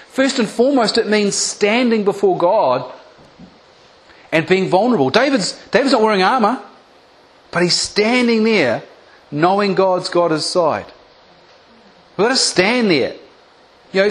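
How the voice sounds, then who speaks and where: A man delivers a sermon in a fairly high voice. He retells scripture with dramatic flair, voicing its characters before turning to speak plainly and urgently to his listeners. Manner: animated storytelling, acting out biblical voices. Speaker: preacher.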